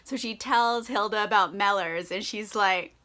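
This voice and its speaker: A woman's voice: medium pitch, normal speed, bright, forceful tone. A tipsy woman vlogger recapping a book in a casual, brash, profane and giggly way. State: tipsy from wine.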